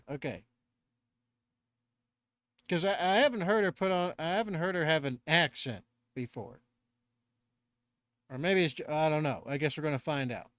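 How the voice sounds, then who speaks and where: A man's voice: fairly high pitch, moderate pace, pauses often, a bit bright, no room sound. A man with a Southern American accent picked up over the years, hosting a reaction channel in a rambling, self-deprecating way and swearing casually. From Northern California.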